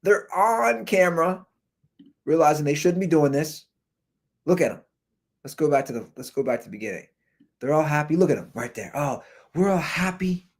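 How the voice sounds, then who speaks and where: A man hosts his own show and rants about viral clips in a high voice that leaps all over the place. He is animated and jokey, and he cracks asides as he watches. He is recorded on a computer's built-in microphone. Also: a little fast, pauses often. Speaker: podcast host. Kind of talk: ranting commentary on viral videos. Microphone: computer's built-in mic.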